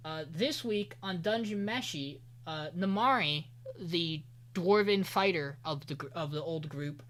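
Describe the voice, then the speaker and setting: Bright-voiced man recapping anime casually. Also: on the high side, a little hiss or hum. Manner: loose, profane, laughing recap with quick quoted voices. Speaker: podcast host.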